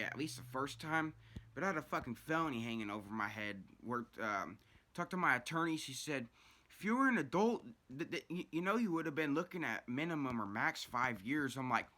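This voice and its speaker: A man's voice: medium pitch, a little fast. A young man telling a rambling, profane story about his own past in a casual vlog. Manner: profane, rambling, animated retelling.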